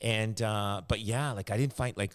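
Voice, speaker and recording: A man's voice: fairly low pitch, steady tone, moderate pace, clean tone. A man chatting casually as a podcast host, rambling with lots of fillers and restarts. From Canada. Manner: rambling, many fillers and restarts, laughs often. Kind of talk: casual chat.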